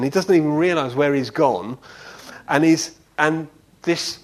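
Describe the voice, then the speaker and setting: His voice is mid-range and his pace moderate as he preaches a chatty sermon. Full of anecdotes, he tells them animatedly and regularly checks in with listeners using "yeah?"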